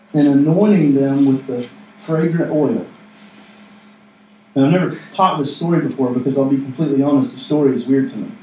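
A man's voice: mid-range voice, mellow, slight background noise. A man preaching a casual, conversational sermon as a pastor, joking with the room and acting out little asides. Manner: conversational, jokey, acts out asides. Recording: echoey room, mic from a distance.

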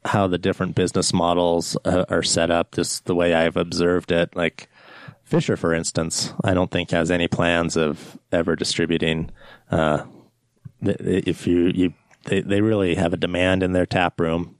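A low-pitched American man with a gravelly edge chats as a podcast guest. He talks in halting bursts, full of fillers and restarts. His voice sounds dry and close to the mic. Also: little pitch movement, dry recording. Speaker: guest beer writer. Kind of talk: casual podcast chat.

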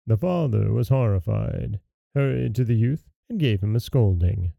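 Gravelly storytelling man. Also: fairly low pitch, lively intonation, mellow, dry recording. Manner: measured storybook narration. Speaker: storyteller host. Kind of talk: reading a fairy tale aloud.

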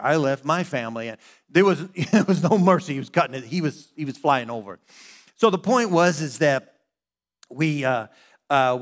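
A man in his fifties from the United States, a pastor preaching a sermon and telling a personal story with earnest, animated asides. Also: on the high side.

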